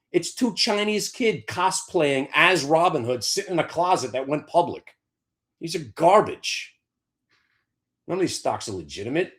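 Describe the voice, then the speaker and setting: A man's voice: on the high side, a bit bright. A man hosting a stock market show, ranting in a brash, profane, sarcastic way. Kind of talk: opinionated trading talk.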